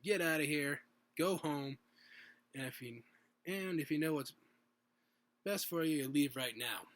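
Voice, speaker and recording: A man's voice: a little high, measured pace, no echo, natural voice. A man voicing a casual, friendly adult male buddy in a home-recorded story reading, talking in a loose, raised voice.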